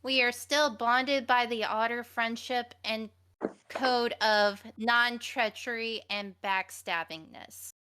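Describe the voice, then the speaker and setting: A woman's voice: fairly high pitch, steady tone, slow pace, bright, forceful tone, clear, resonant tone. A woman in a casual group podcast chat, talking heatedly and bluntly and swearing freely.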